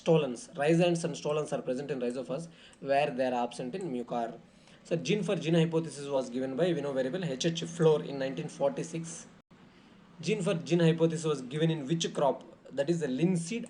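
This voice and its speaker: A man's voice: on the high side, mellow. A man going through exam questions in a lecture, with many fillers and frequent self-corrections. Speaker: exam tutor.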